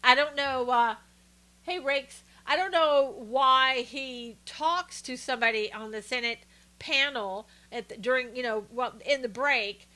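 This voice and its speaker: On a loose, conversational live stream, a woman whose voice is fairly high, bright and forward gives her political opinions at an unhurried pace. She fills her speech with "uh"s, reads the chat, and says hello to viewers by name in a chatty, opinionated way.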